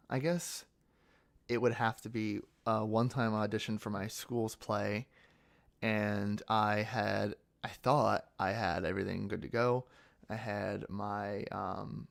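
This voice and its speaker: Answering his viewers' comments, a young man who runs an ASMR channel chats in a loose, rambling way, restarting sentences and filling gaps with fillers. He's from central Pennsylvania in the United States, and his voice is lowish and creaky.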